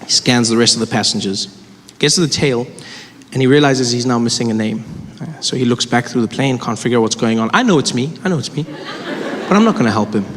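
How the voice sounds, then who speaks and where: A man telling a stand-up story on stage, lively, acting out the people he describes. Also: medium pitch, brisk. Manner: animated, acts out every character. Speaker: stand-up comedian. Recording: noisy live show with long reverb.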